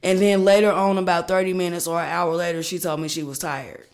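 A woman co-hosting a podcast at home, telling stories loudly and laughing and shouting often. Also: fairly low pitch, brisk. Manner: loud laughing storytelling, excitable, shouts often. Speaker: podcast co-host. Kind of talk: casual chat. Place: home kitchen. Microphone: podcast mic.

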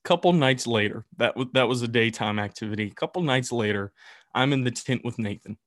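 A man casually telling a camp story on a podcast, animated and swearing as he builds suspense. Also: medium pitch, brisk, no room sound, studio quality.

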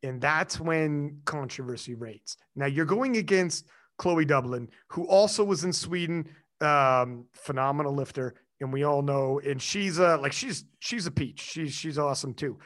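A man's voice: fairly high pitch, measured pace, fairly bright tone. A man hosting a casual interview, walking his guest through her story with playful asides and frequent laughs. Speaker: podcast host.

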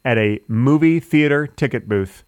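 A man's voice: medium pitch, moderate pace, no echo. A man co-hosting a comedy podcast in casual chat, playful and laughing often, stretching words for emphasis. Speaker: podcast co-host.

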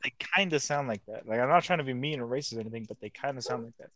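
A man's voice: mid-range voice, rapid-fire, fairly bright tone, dry recording. A young man co-hosting a casual chat, rambling and full of filler words. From United States. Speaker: podcast co-host.

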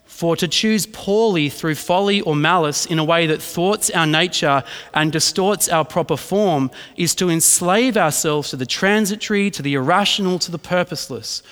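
A man's voice: a little high, normal speed, few pauses, a bit bright. A man, a pastor preaching a sermon in a casual storytelling way, often checking in with "right?". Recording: reverberant hall.

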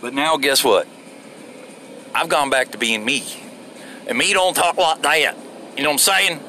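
A man's voice: a little high, a little fast, creaky, bright, forceful tone, slight background noise. A man from Florida ranting casually while driving, rambling, profane and sarcastic. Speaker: vlogger. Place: inside a moving vehicle.

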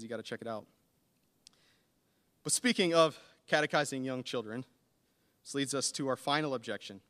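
Earnest male preacher, hall reverb. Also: medium pitch. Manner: earnest, building to animated emphasis. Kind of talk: sermon.

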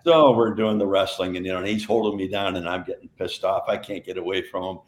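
An older man, a retired wrestler, co-hosts a podcast and tells rambling anecdotes in casual conversation, full of restarts and laughter. His voice is low and quick, heard in an echoey room.

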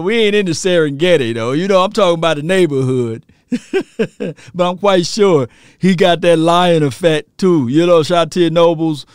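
A man hosting a sports stream, telling slangy, excitable stories and laughing often. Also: fairly high pitch, clean tone, no echo, clean studio sound. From rural area. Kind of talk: animated sports talk.

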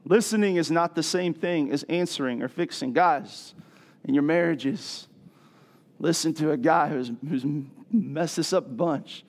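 A middle-aged man preaching a sermon as pastor, animated and building to loud rhetorical questions. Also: fairly high pitch, unhurried.

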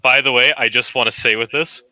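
A man's voice: mid-range voice, fairly even intonation, a little fast, dry recording, poor audio. A man playing a tabletop game, dropping dry, wry asides. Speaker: player. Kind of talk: casual tabletop game chat. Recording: loud background noise.

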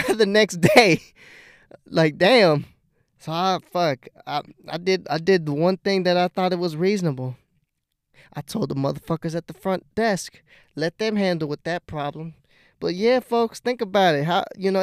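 A young man rambles through a casual story, swearing freely and laughing at his own jokes. His voice sits a little high and sounds crisp and smooth. The recording is close and dry, with no room sound. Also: no room sound. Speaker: podcast host.

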